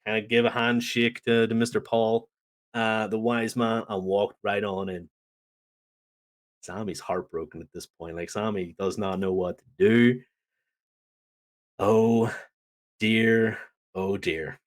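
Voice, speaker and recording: His voice is lowish and slow, broken up by long pauses, as he co-hosts a relaxed wrestling recap podcast. He tells the events with animation, acting out people's words.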